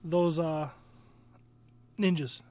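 Casual podcast co-host: a high-voiced man, rambling and hesitant, dry recording. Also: fairly even intonation, very slow, a little mellow, no room sound. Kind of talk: casual chat.

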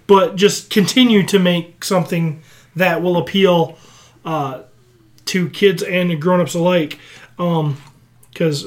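A man co-hosting a casual podcast, rambling and blunt, often restarting his thoughts. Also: fairly high pitch. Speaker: podcast co-host.

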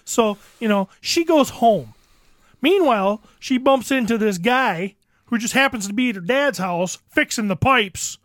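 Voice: mid-range voice, lively intonation, a little slow, fairly bright tone, dry recording, clean studio sound. Crude, exasperated podcast ranter. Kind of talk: profane comedic rant.

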